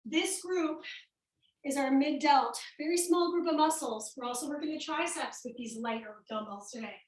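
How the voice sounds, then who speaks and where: A high-pitched Midwestern woman leads a workout class, upbeat and a bit out of breath as she calls out each move. She sounds set back from the mic, and the room around her rings a little. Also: moderate pace, heavy reverb, recorded from a distance, rough recording. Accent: American Midwestern. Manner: upbeat, cueing moves while exercising. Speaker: fitness instructor. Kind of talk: coaching a home workout class.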